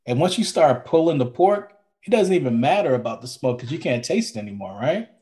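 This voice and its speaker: A man's voice: medium pitch, big pitch swings, fairly quick, warm tone. A man co-hosting a podcast in a casual, rambling chat, often repeating himself. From from Maryland, now Florida. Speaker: podcast co-host.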